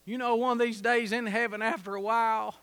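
High bright folksy preacher. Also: male voice, level tone, fairly quick, clean tone. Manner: folksy preaching, swings from soft to shouting. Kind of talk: sermon.

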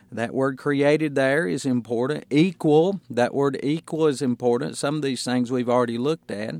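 A male pastor delivers a radio sermon in an unhurried, teaching way. He slows down and leans on individual words to drive his point home. His mid-range voice sounds dry and close, with no room around it. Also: medium pitch, dry recording. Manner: deliberate, stresses single words.

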